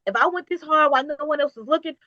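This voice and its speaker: A woman's voice: sits high, rapid-fire, highs cut off, a crowd in the background. A woman business owner talking in an interview, emphatic and preachy, with repetitive motivational phrasing. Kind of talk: casual interview talk.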